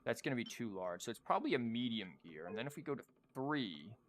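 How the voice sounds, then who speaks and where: A man's voice: medium pitch, sing-song, fast talker, a little hiss or hum. A male streamer chatting casually on a livestream, rambling and stammering as he plays a card game and talks to chat.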